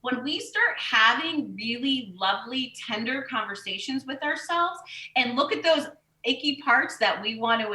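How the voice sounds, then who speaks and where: A woman's voice: fairly high pitch, bright, forceful tone, reverberant, rough recording. A woman who teaches yoga, guesting on a casual podcast, speaking candidly and swearing offhand.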